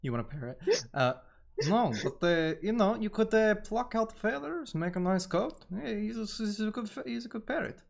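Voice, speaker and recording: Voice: medium pitch, expressive, moderate pace, gravelly. Cheery player voicing a polite first mate. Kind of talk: playing a first mate in a tabletop game.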